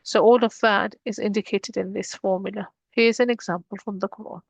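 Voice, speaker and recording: A woman's voice: medium pitch, steady tone, a little fast, gravelly, few pauses, slightly rough, no room sound, highs cut off. A woman teaching an Arabic grammar lesson, explaining each rule step by step and mixing English with Arabic terms.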